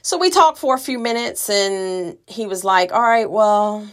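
A woman's voice: medium pitch, measured pace, fairly bright tone. A middle-aged woman telling a personal family story in a conversational way, acting out the voices of the people she quotes. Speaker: listener sharing a story.

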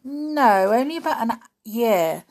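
A woman voicing a bright, breezy schoolboy in a storybook reading. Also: on the high side, animated. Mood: confiding. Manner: brisk and breezy. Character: bright lively schoolboy host.

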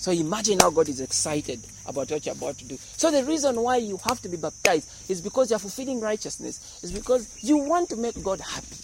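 High-voiced preacher. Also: male voice, fairly quick, few pauses, background noise. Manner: animated, explains verses with humor and acted-out voices. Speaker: pastor. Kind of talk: sermon.

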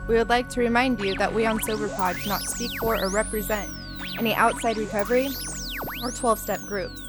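A woman with a somewhat high voice reads a podcast disclaimer in a brisk, scripted way. Clear music runs behind her. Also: steady tone. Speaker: podcast guest. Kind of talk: reading a show disclaimer.

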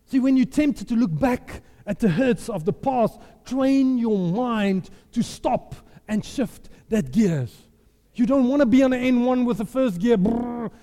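A man's voice: very high-pitched, expressive, a little slow, warm tone. A man preaching a sermon, emphatic and impassioned, repeating his phrases for effect. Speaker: pastor. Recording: long hall reverb.

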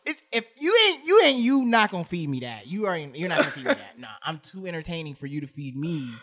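A man co-hosting a casual podcast, joking and ranting in big swings from loud outbursts to low mutters. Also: quick pace. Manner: animated, jokey rants that swing from loud to muttered. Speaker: podcast co-host.

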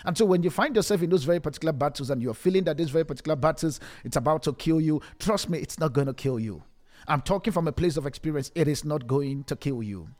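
A man's voice: on the high side, quick pace, a little mellow. A man streaming an emotional sermon, pleading and repeating himself, often stumbling over his words in restarts. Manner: pleading, repetitive, stammering restarts. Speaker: preacher streaming a message.

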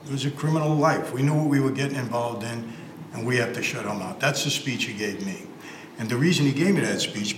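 Brief: a mid-pitched former mobster, measured and plain-spoken, recorded in an echoey room with light hiss. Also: male voice. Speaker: interview guest, former organized crime member. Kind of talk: reflective interview answers.

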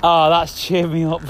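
A man's voice: a little high, darkish tone, a little hiss or hum. A man, rambling casually and repeating himself as he talks on a walk outdoors. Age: 30s. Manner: chatty, meandering, repeats himself. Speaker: podcast host. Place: outdoors walking around the block.

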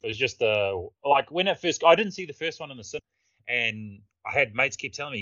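A man's voice: mid-range voice, lively intonation, fast talker, fairly bright tone, no room sound, dull audio. A man chatting casually about films, swearing and laughing often. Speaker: podcast co-host. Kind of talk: casual chat.

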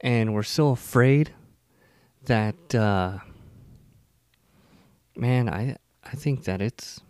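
A man co-hosting a casual podcast chat, easygoing and quick to laugh at his own jokes. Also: mid-range voice, a little mellow, smooth, dry recording. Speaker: podcast co-host.

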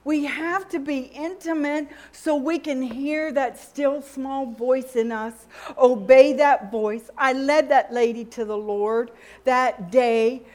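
Slow and steady, with a high voice, a middle-aged woman preaches through stories, voicing the dialogue she had with God and with others.

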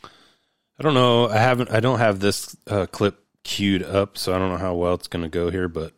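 A man's voice: deep voice, fairly even intonation, normal speed, smooth, dry recording, studio quality. A man hosting a podcast who laughs easily and talks with hesitant fillers in casual political chat. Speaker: podcast host.

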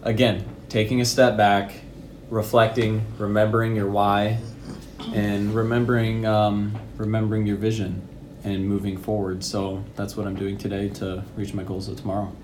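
Reflective man guest, lowish voice. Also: monotone, normal speed, a little mellow, slight background noise. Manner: reflective, motivational, many fillers. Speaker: podcast guest. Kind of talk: casual podcast interview.

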